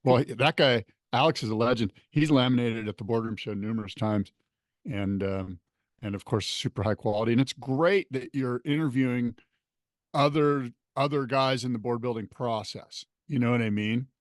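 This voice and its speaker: A man's voice: medium pitch, moderate pace, no room sound, studio quality. A man co-hosting a podcast, chatting casually and asking curious, affirming questions. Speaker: podcast co-host. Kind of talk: casual chat.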